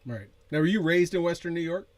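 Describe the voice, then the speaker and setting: A man's voice: fairly high pitch, fast. A man hosting a podcast interview, asking loose questions with many restarts. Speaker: podcast host. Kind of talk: casual interview.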